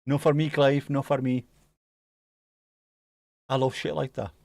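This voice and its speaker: A man's voice: mid-range voice, little pitch movement, unhurried, creaky, a little mellow, dry recording, clean studio sound. A man hosting a casual livestream from home, chatting and musing aloud as he answers viewers. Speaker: livestream host.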